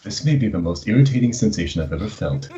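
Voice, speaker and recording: Male player, mid pitch, lively range, muffled lo-fi call audio. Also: quick pace, slight background noise. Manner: hesitant, many fillers and restarts. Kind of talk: tabletop role-play over a call. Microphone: video call, cutting out.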